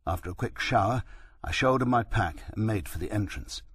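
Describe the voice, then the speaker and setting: Male audiobook narrator, steady first-person read, dry and husky. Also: lowish voice, normal speed, no room sound. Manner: steady, reflective storytelling.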